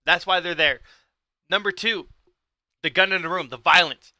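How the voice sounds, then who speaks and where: A man talks on his livestream in a high, piercing voice, intense and heated. The sound is dry and close. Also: moderate pace, bright, forceful tone, no room sound. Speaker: livestream host. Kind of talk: livestream talk.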